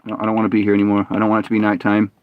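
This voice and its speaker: A young man streaming a game, talking in a ranting, opinionated way with halting restarts and frustrated outbursts. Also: fairly low pitch, monotone, narrow, tinny audio. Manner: halting restarts and repeated words. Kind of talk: casual live-stream talk while gaming.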